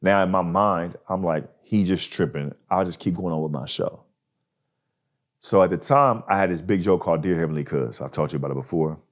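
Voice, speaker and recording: A man hosting a podcast, telling a story in a casual, animated way and acting out the people in it. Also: low voice, brisk. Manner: animated, acts out people in his stories. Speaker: podcast host.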